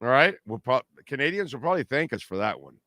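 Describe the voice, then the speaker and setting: A man's voice: medium pitch, sing-song, fast talker, sharp tone, dry recording. Brash middle-aged man hosting a sports show. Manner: brash, trash-talking, reads sponsor plugs and super chats. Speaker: sports talk show host. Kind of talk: casual postgame livestream talk.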